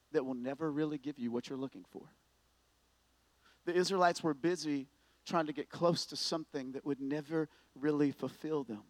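A man preaching a sermon, telling a story with lively swings from hushed to loud, emphatic repetition. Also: a little high, no room sound. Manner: repeats words when starting sentences. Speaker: pastor.

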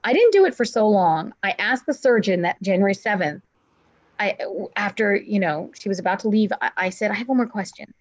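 Speaking at a moderate pace in an expressive mid-range voice, a woman shares a personal story during an interview, earnestly quoting and acting out her relatives. The audio is dull.

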